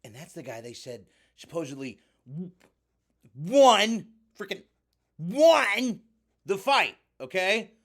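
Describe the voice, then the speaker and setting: A man's voice: high voice, very animated, slow pace, pauses often, a bit bright, full character voice. A man playing a brash wrestler who calls himself the god of fire, delivering a blustering, indignant heel promo.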